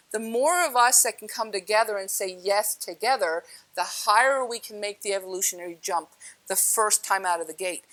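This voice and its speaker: A woman's voice: mid-range voice, a bit bright. Blunt, chatty woman spiritual speaker. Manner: blunt and direct, swears casually; chatty, asks the listener questions. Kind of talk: casual spiritual talk to an audience.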